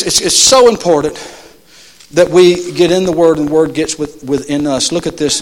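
A man preaching a sermon as pastor, pleading with his church in rising shouts, then dropping to soft, intimate asides. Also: extremely high pitch. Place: church sanctuary. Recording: long hall reverb.

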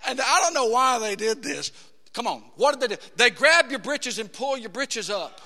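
A man preaching a dramatic sermon in a church, acting out voices and swinging between hushed tones and shouts. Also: very high voice, animated, normal speed, big-room sound. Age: 30s.

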